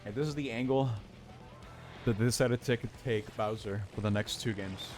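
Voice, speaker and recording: A man's voice: on the low side, moderate pace, a little mellow, faint music behind. A man streaming a game live, giving casual commentary and reading the game's text aloud.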